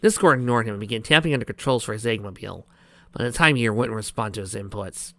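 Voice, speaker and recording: A man's voice: fairly low pitch, quick pace, a bit bright, dry recording. A man reading a fan fiction story aloud and breaking off into sarcastic commentary. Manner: sarcastic, ranting asides.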